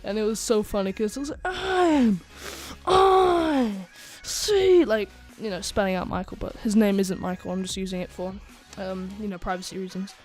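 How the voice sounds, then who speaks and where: A channel host tells a casual storytime anecdote into a desk microphone, her voice mid-range in pitch for a woman with little pitch movement. She talks quickly with few pauses, rambling with fillers and restarts and adding giggly asides, while faint music plays quietly behind her.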